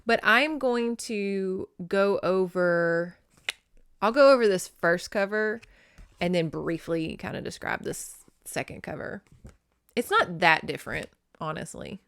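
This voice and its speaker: A woman's voice: mid-range voice, unhurried, gravelly, a bit bright, clean tone. A woman hosting a casual book-review podcast, chatty and laughing often. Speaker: podcast host reviewing a novel. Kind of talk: casual chat.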